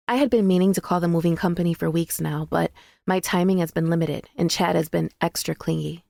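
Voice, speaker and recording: A woman narrating a first-person audiobook in a measured, intimate way, recorded in a dry studio booth. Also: lowish voice, steady tone, gravelly, warm tone, no echo.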